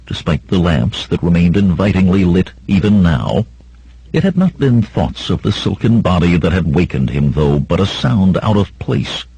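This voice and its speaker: Guy reading an action audiobook, lowish voice, dry close sound. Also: warm tone, slightly rough, no room sound. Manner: acts out battle cries in a raised voice. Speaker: audiobook narrator. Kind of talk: dramatic audiobook narration.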